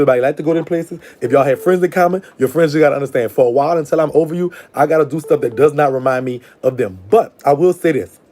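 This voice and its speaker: Fast-talking blunt man. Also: mid-range voice. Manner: blunt, slangy, talks back to callers warmly. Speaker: call-in show host. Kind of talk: live call-in advice chat. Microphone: live stream call-in setup.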